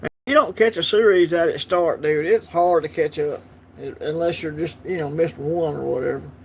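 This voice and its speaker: A man's voice: fairly high pitch, moderate pace, vocal fry, slight background noise. A man with a Southern US accent hosting a casual livestream, chatting easily and answering viewer comments as they come in. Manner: chatty, easygoing, talks back to the chat. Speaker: livestream host.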